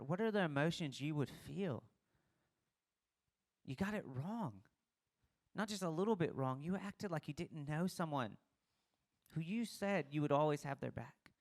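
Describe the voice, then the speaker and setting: A young adult man, a pastor giving a casual sermon and acting out the lines of the people in the story. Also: a little high. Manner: conversational, acts out quoted dialogue.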